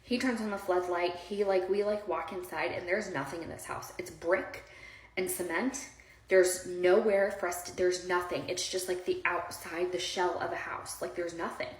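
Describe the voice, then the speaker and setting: A woman's voice: fairly low pitch, steady tone, normal speed. A woman casually telling a personal story to her viewers, rambling and heartfelt, with lots of fillers and direct asides to the audience. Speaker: storyteller recounting her own past. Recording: roomy echo.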